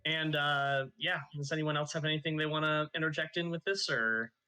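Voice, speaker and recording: A man's voice: on the high side, steady tone, a little fast, sharp tone, low-quality recording. A man playing a tabletop game, explaining his character in a rambling way and laughing often. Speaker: player. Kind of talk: casual tabletop game chat.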